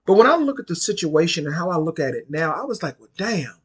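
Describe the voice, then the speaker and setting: A vlogger in his forties from around Washington, D.C. talks quickly to camera, recounting a personal story in a sing-song, husky, slightly breathy voice with big pitch swings. Blunt and profane, he emphasizes things by saying them over again.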